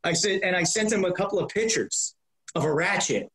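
A middle-aged comedian telling lively anecdotes in an interview, acting out the voices of the people in them and swearing freely. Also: male voice, high voice, fairly quick. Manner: profane, acts out voices in anecdotes. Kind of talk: animated storytelling. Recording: roomy echo.

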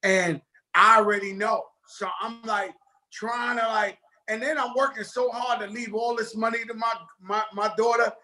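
Man, high voice, bright, laid-back rambling, slangy guest chat. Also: fairly even intonation, moderate pace, poor audio. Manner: loose, rambling, streetwise slang. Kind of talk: casual interview chat.

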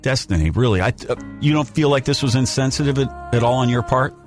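Over soft background music, a man with a mid-range voice runs a morning radio show at a quick pace, cutting in often and calming the people who call in. He's in a radio studio using a studio mic.

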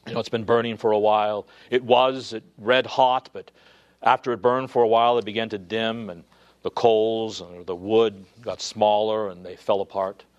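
A man preaching a sermon, building to emphatic peaks and then dropping low and quiet. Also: fairly even intonation, moderate pace, lo-fi sound. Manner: preaching with swelling emphasis, dropping to near-whisper at times. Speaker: pastor.

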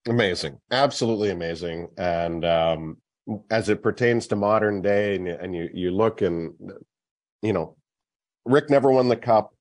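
A man's voice: on the low side, normal speed. Emphatic male sports talk host. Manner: emphatic, argues his point at length.

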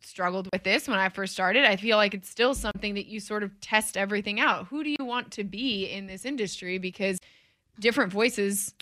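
A woman's voice: medium pitch, brisk, sharp tone, dry recording. A woman co-hosting a casual sports talk show, speaking thoughtfully and with emphasis.

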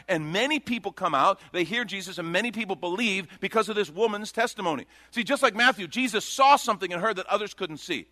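Guy preaching, chatty and animated, bright voice, dry sound. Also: sits high, brisk, no room sound. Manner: conversational, animated preaching with acted-out quotes. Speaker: pastor. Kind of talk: sermon.

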